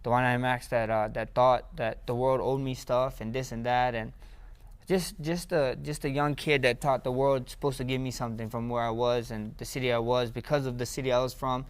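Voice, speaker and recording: Excitable man telling stories. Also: mid-range voice, brisk, clean tone. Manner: rambling, repeats words, grows excited and loud. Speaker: interview guest, fighter. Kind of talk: casual storytelling interview.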